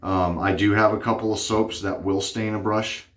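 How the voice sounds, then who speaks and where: Male vlogger, low voice, chatty and rambling, slightly winded, roomy echo. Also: steady tone, normal speed, a bit bright. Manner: rambling, chatty, many fillers. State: out of breath. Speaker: wet shaving vlogger. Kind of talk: casual shaving vlog.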